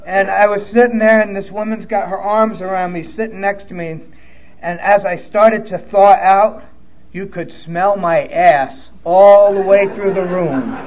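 A man's voice: sits high, fairly even intonation, unhurried, muffled recording. A man sharing his personal recovery story, blunt and profane, openly emotional as he tells it.

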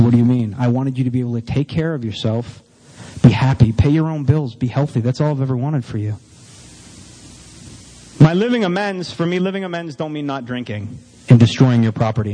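Guy telling his recovery story to a crowd, earnest, fast talker, big hall echo. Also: mid-range voice, darkish tone. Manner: earnest storytelling, emotional, repeats himself. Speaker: recovery meeting speaker. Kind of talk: personal testimony talk. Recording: reverberant hall.

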